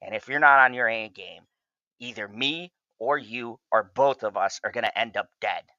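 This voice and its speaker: A man's voice: mid-range voice, moderate pace, pushed and bright, dry recording, dull audio, lightly acted. A man voicing a stern male crime boss who gives a harsh warning.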